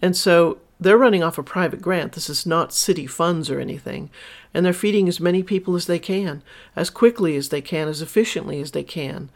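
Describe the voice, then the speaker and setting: A woman's voice: lowish voice, fairly quick. A woman hosting her own podcast, speaking candidly and emphatically as she tells personal stories and gives advice as a sex educator. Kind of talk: solo podcast monologue.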